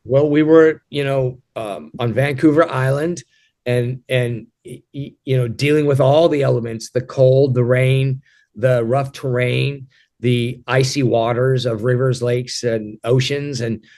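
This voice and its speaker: Man, fifties, actor guest, reflective, halting, repeated starts, mid-pitched voice. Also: steady tone, a little mellow. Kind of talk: interview answers.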